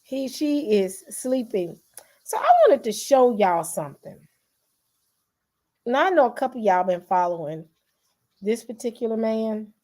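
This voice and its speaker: A woman's voice: a little high, unhurried, long pauses. A woman, chatting casually with her livestream viewers and greeting them by name. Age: 40s. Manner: chatty and animated, calls out to viewers, frequent "y'all". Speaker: YouTube channel host.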